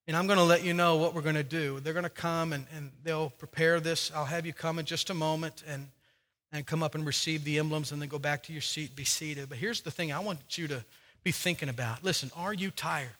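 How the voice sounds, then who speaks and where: High, bright-voiced preaching man. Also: fairly even intonation, brisk, in a large hall. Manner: preaching with rising and falling intensity, repeating phrases. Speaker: pastor. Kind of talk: sermon. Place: church sanctuary.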